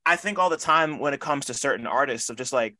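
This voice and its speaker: A man's voice: medium pitch, animated, fast, bright, forceful tone, dry recording. Rambling male interviewer full of fillers. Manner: rambling, heavy filler words. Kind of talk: casual interview.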